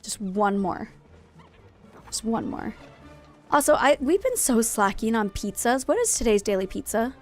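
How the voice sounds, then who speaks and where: Playful woman streamer, slightly high voice. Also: expressive, a little slow, pauses often, a little mellow, faint music behind. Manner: playful, jokingly dramatic rants, greets chat viewers. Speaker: live-streamer. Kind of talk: casual live-stream chat while gaming.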